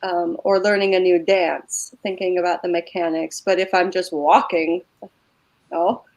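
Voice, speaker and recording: A woman's voice: lowish voice, level tone, measured pace, darkish tone. Matter-of-fact woman on a panel. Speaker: panel guest. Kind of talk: casual panel chat.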